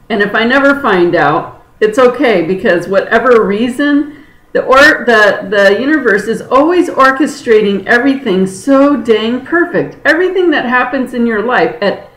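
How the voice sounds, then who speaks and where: A woman's voice: a little high, fairly bright tone. A woman teaching a spiritual webinar in a candid, chatty and earnest way, laughing easily as she talks. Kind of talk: informal spoken teaching. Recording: roomy echoey sound.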